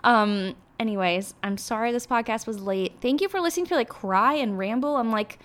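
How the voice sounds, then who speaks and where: A woman's voice: on the high side, normal speed, a bit bright. A young woman hosting her own podcast, talking in a rambling, emotional way with many filler words. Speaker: podcast host. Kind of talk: casual solo podcast monologue.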